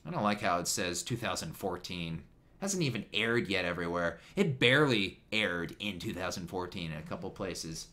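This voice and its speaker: A man's voice: low voice, lively intonation, normal speed, pushed and bright. A man giving a casual, jokey commentary on a TV episode, rambling with fillers and asides. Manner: chatty, jokey, trails off with fillers. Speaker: YouTube commentator.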